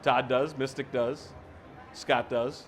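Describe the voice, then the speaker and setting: A man's voice: mid-range voice, level tone, slow, slight background noise. A man co-hosting a casual talk show, teasing his partner and laughing through the banter. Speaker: podcast co-host. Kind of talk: casual chat. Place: live taping venue.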